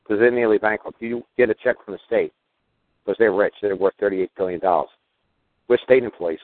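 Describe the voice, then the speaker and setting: A man's voice: fairly low pitch, a little fast. A man hosting a call-in show, talking in a rambling, emphatic and blunt way. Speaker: radio show host. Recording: dry tinny phone-line sound.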